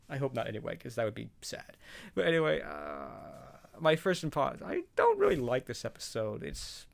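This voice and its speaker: A man's voice: medium pitch, huge pitch swings, brisk, creaky. A man casually talking through his thoughts on a cartoon episode, rambling and hesitant, with frequent chuckles. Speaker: show reaction vlogger. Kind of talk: casual spoken commentary.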